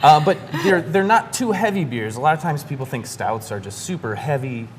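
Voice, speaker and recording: A man's voice: fairly high pitch, expressive, a little fast, noisy background. A man, a brewery guest, explains beer styles in a loose, joking way with lots of fillers. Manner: jokey, loose, many fillers. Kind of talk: casual radio interview.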